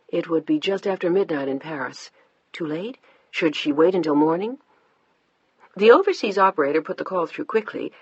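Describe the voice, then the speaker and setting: A measured audiobook narrator reading a novel in an even storytelling voice. The tone is husky and the recording dry and muffled. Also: medium pitch, dry recording. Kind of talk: scripted narration.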